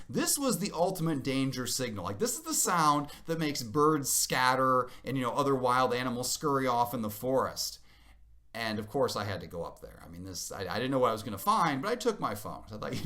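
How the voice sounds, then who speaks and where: A man in his thirties tells a family mishap with wry, self-mocking exaggeration. His pitch swings widely as he builds each punchline, and he sits at a middling pitch for a man. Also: fairly bright tone. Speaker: parent vlogger. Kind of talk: casual storytelling to camera.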